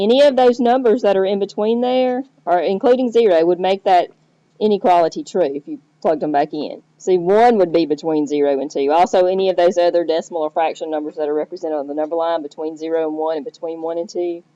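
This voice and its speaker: Lady teacher walking through math patiently, lowish mellow voice, kinda dull lo-fi audio. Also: no echo. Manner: patient, step-by-step explaining with check-in questions. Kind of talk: recorded math lesson. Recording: dull lo-fi recording.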